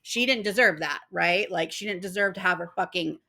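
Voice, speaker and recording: This young woman's voice sits on the low side, gravelly and sharp, moving a little fast. As a spiritual vlogger, she rants casually to camera, getting fired up, swearing plenty and mimicking others.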